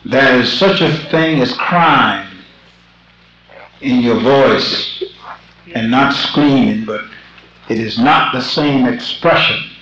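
Slow-preaching older bishop on old tape. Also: male voice, medium pitch, background noise. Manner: slow, rhythmic preaching with repeated phrases and bursts of shouting. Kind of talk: sermon. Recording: lo-fi old tape in an echoey church.

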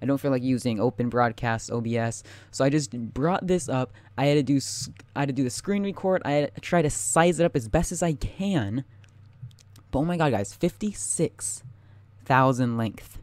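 A young man giving live gameplay commentary, excitable and panicky, talking straight to his viewers. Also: mid-range voice, moderate pace, no echo. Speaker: gaming YouTuber.

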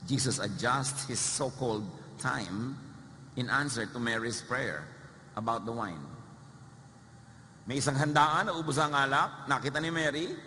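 A man's voice: medium pitch, bright, forceful tone. A man with a Filipino accent preaching a sermon, telling stories animatedly, acting out the quoted voices and adding humorous asides. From Philippines. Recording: reverberant hall with faint noise.

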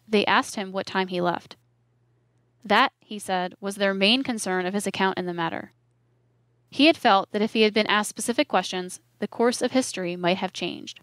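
A woman narrating a first-person audiobook in a measured, earnest storytelling manner. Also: medium pitch, dry recording, studio quality.

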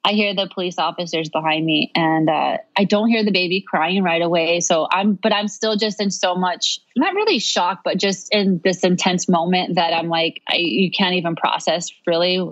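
A woman's voice: lowish voice, moderate pace, few pauses, a bit bright, dull audio. A young woman telling a personal story in conversation, earnest and rambling with many fillers. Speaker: podcast guest.

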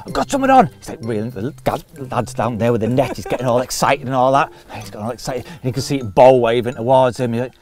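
Over soft background music, a medium-pitched man talks fast with few pauses. He's a carp fishing show regular telling a long, funny fishing anecdote, laughing often and voicing the other people in it.

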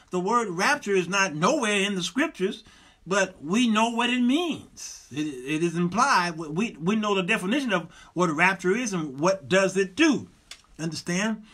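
Bright, high-voiced man preaching. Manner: animated, folksy, repeats words as he builds a point. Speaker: show host and preacher. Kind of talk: informal Bible teaching.

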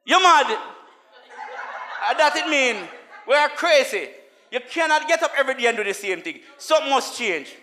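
A man preaching a sermon as a minister, mixing laughing asides with chanted, call-and-response lines and swinging from soft talk to shouts. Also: very high-pitched, animated, normal speed, pauses often, a little hiss or hum.

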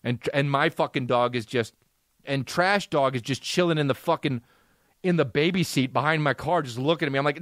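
A man's voice: medium pitch, a little fast, fairly bright tone, dry recording, clean studio sound. A man in his thirties, a comedian and podcast host, telling a rambling, profane comic story.

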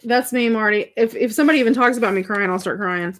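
A woman's voice: on the high side, fast talker, fairly bright tone. Chatty woman talking through a craft project. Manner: chatty, thinks aloud, talks to viewers' comments. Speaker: crafting livestream host. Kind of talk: casual craft demonstration chat.

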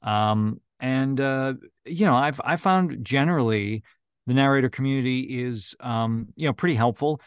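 A man narrating audiobooks talks loosely on a video call, full of ums and false starts. His pitch is medium. The sound is dry, close and without room echo. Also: moderate pace, smooth. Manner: chatty, many fillers and restarts. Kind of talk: casual interview chat.

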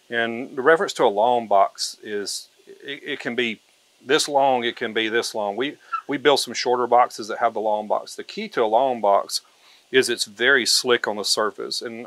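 A man's voice: medium pitch, pushed and bright, no room sound. A man giving a hands-on tutorial, talking in a folksy, practical way and often repeating himself. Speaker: turkey call maker demonstrating.

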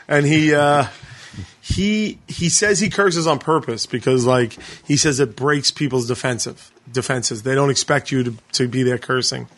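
A man co-hosting a podcast, retelling a documentary in casual chat, animated and full of profanity. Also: mid-range voice. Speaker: podcast co-host.

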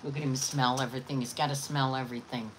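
A woman's voice: rumbling low, steady tone, fast, noisy background. A woman chatting casually to viewers and doting on her dogs in baby talk. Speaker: vlogger. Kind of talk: casual chat to viewers and pets.

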